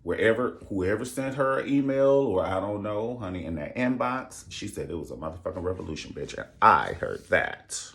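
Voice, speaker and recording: A young man vlogging casual commentary in a sassy, expressive way, swearing freely. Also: fairly low pitch, normal speed, creaky, few pauses.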